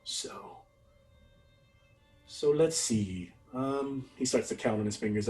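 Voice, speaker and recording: A man narrating as game master in an unhurried, descriptive way with fillers. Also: mid-range voice, a little mellow, distant mic, faint music behind, rough recording.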